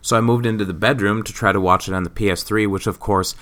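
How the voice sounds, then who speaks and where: A man hosts his own podcast alone, ranting in a loose, sarcastic, profane way. His voice sits a little low but sounds bright and crisp, with a clean, smooth tone. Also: steady tone, quick pace. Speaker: podcast host. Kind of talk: casual solo rant.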